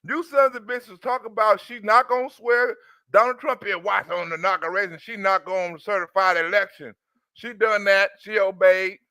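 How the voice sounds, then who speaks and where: A man hosting his own channel, his voice slightly sore after a cough, talking loosely and crudely in an animated rant to his viewers. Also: high-pitched, moderate pace, clean tone, no echo. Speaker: channel host. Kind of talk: casual political rant to viewers.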